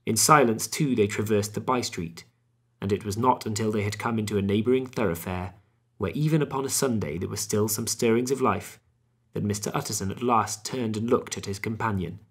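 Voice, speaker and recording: Husky male audiobook narrator. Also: on the low side, a little fast, fairly bright tone. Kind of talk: scripted narration of a classic novel.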